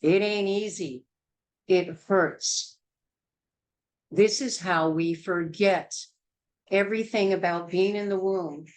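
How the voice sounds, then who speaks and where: A woman's voice: lowish voice, fairly even intonation, slow, pauses often, rough recording. A woman teaching a childbirth class in a blunt, emphatic, hard-hitting way. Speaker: childbirth educator.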